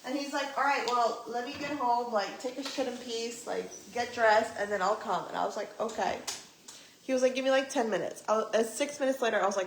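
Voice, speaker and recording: A young woman vlogger telling a story to her live chat in a casual, animated way, swearing and acting out what people said. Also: fairly high pitch, normal speed, roomy sound, a little hiss or hum, rough recording. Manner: animated, swearing, acts out quoted voices. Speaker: vlogger on a livestream.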